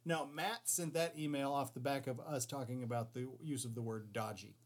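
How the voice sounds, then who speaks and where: Male podcast co-host, mid-pitched voice, relaxed dry quips. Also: moderate pace. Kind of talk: casual podcast banter.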